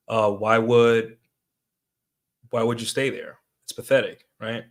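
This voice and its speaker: A man's voice: mid-range voice, level tone, slow, long pauses. A young man giving casual livestream commentary, talking to his viewers with lots of fillers and tag questions. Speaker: streamer.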